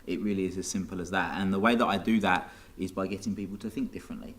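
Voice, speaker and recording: A man's voice: deep voice, fairly even intonation, fast talker. A young man with an Essex accent, a guest coach talking cheerfully in an interview, laughing often. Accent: Essex English. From Essex, England. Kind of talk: casual interview chat.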